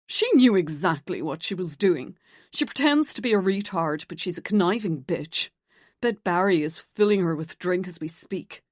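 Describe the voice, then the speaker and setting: A woman's voice: lowish voice, expressive, moderate pace, no echo, studio quality. A woman narrator voicing a catty, sneering woman office gossip with an affected South Dublin accent. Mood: spiteful.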